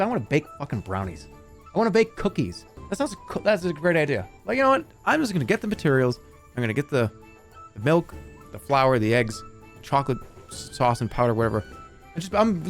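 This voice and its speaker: In a casual live-stream chat, a man with a mid-range voice rambles and swears. Every so often he acts out scenes in loud, put-on voices.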